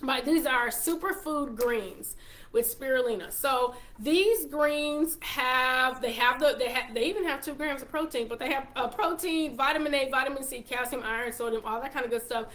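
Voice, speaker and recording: A chatty woman with a Texas twang, talking casually to her viewers as she hosts her own show. Her voice sits a little high. She is upbeat and reels off long lists with small restarts along the way. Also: moderate pace, a bit bright. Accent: Texan. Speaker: show host and wellness consultant. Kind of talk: casual product talk to viewers.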